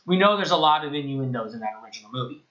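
A man's voice: mid-range voice, lively intonation, racing, fairly bright tone, lo-fi sound. A man giving a casual spoken film review, sarcastic and profane, rambling as he goes.

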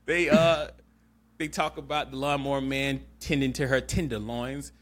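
A man hosting a podcast, recapping a movie in animated, laughing, profane storytelling. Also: mid-range voice, normal speed. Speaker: podcast host. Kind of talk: casual chat, movie recap.

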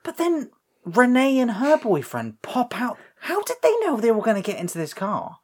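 A man in casual chat, animated and swearing, acting out scenes in quick mimicked voices. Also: very high voice, breathy edge.

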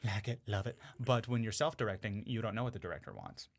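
A man, a voice actor guest on a podcast, talking in a casual, animated way with lots of fillers. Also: fairly low pitch, fast. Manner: animated, chatty, full of fillers.

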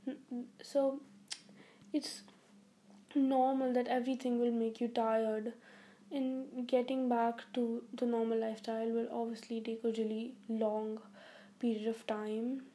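A woman's voice: a little high, flat delivery, a little slow, mellow. A teenage girl hosting a casual solo podcast, her voice groggy and weak as she rambles with lots of fillers and restarts. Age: teens. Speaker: podcast host.

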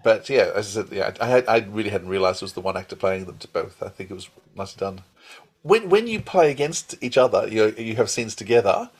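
A man's voice: lowish voice, expressive, a little fast, slightly rough. A man hosting an interview, explaining things in an informative way. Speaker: podcast host. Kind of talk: conversational interview.

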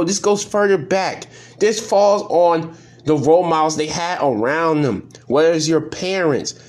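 A man with a high, lively voice that leaps around as he rants. He hosts a casual podcast, swearing freely and sounding fed up as he addresses his listeners directly. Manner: profane, exasperated, talks straight to listeners. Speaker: podcast host. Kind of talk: casual commentary on news stories.

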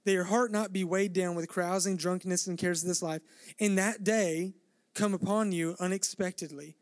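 High-voiced earnest preaching man. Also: steady tone, normal speed, no echo, studio quality. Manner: earnest preaching with rising intensity, acting out Bible dialogue. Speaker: pastor. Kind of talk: sermon.

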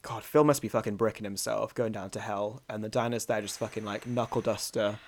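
A man's voice: fairly low pitch, steady tone, brisk, crowd noise. A man from North East England co-hosting a podcast in casual comedic chat, joking crudely and laughing often. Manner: giggly, crude, mocking. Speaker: podcast co-host.

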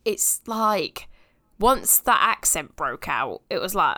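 A woman's voice: mid-range voice, big pitch swings, takes it slowly, bright, forceful tone. A woman co-hosting a podcast, chatty and frank with her opinions, laughing easily. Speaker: podcast co-host. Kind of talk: casual podcast discussion.

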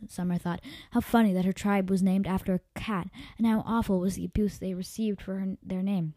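A woman's voice: mid-range voice, steady tone, a little fast, hardly any pauses, mellow, no room sound. A woman storyteller reading her own story aloud, an amateur reader who stumbles and corrects herself. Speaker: podcast storyteller.

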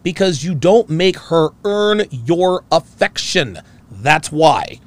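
A man's voice: a little high, lively intonation, slow. A man hosting a reaction show, ranting in a profane, emphatic way and repeating his phrases. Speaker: host. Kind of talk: reaction commentary rant.

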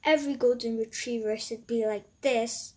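Woman reading a touchy, lazy fat dog in a kids' story, sulky, a bit breathy. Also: on the high side, steady tone, normal speed. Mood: indignant. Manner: sulky, defensive. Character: big plump lazy male golden retriever, touchy.

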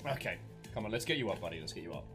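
Male player, bright animated voice, friendly and playful, low-pitched. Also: rapid-fire, soft background music. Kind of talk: in-character play.

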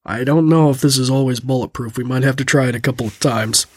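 A man's voice: medium pitch, fast talker, no echo. A man hosting a tech training show, explaining steps in a folksy, chuckling way into a close studio mic. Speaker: host of a tech training program. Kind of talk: casual spoken tutorial.

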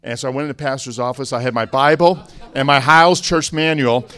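A man from the Chicago area, a pastor on a conference panel, telling stories in a relaxed way with joking asides. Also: medium pitch, fairly quick.

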